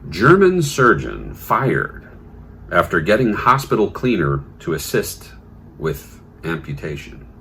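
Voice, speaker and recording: A male comedy host tells odd news stories with wildly swinging pitch. His voice is gravelly and bright. A faint noise sits behind him. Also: slow. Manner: deadpan storytelling with sudden bursts into silly voices. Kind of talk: comic news recap.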